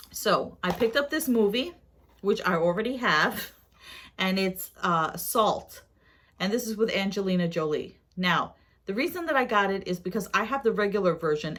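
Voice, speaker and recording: A woman's voice: medium pitch, a bit bright. A woman vlogger chatting casually to her viewers about her shopping haul, rambling with asides and questions to them.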